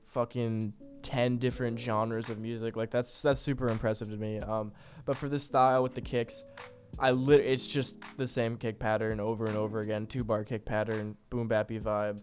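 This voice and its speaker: Young dude walking thru his beat, chill, lots of ums, mid pitch voice, bit of music under it. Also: flat delivery, a little fast, a little mellow. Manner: loose, filler-heavy, self-deprecating. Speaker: beat producer. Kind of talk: casual tutorial narration.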